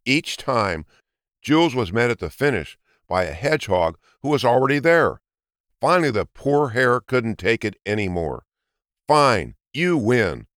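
A man narrating a children's storybook in an expressive, lilting way. His mid-pitched voice moves a lot, and the recording is close and dry with no room sound. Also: moderate pace, no echo.

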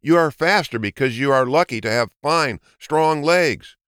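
A man's voice: medium pitch, lively intonation, normal speed, fairly bright tone, smooth, dry recording, studio quality, pitched above the performer's own voice, lightly acted. A man voicing a polite, earnest male hedgehog in a storybook reading. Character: polite short-legged male hedgehog, clever. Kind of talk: storybook narration.

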